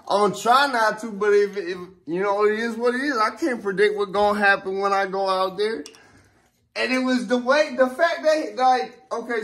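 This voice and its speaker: A young man with a noticeably high voice delivers loose, rambling commentary straight to his audience. He leans hard on profane street slang and constant fillers and restarts. He grows emphatic and heated as he vents. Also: a bit bright. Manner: heated and emphatic when riled up. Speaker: vlogger. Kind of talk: casual ranting commentary to camera.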